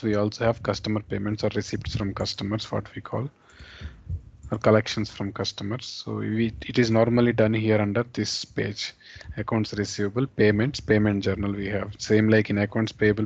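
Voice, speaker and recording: A man teaching an accounting software class over a screen share, explaining step by step and repeating terms as he goes. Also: fairly low pitch, highs cut off. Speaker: software instructor.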